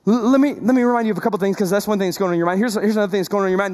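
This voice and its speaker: High-voiced pastor preaching in a reverberant hall. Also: male voice, very fast, few pauses, a little mellow. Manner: conversational and emphatic, with frequent repetitions and asides. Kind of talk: sermon.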